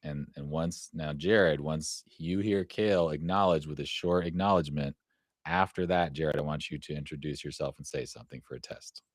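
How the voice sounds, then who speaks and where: Deep-voiced male host, halting, filler-heavy delivery, dry close sound. Live casual chat. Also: no room sound. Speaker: show producer and host.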